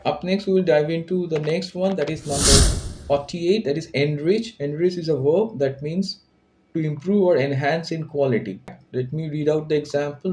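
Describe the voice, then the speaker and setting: A man's voice: a little high, mellow, low-quality recording. A man teaching an English vocabulary lesson, patiently repeating and restating each word's meaning.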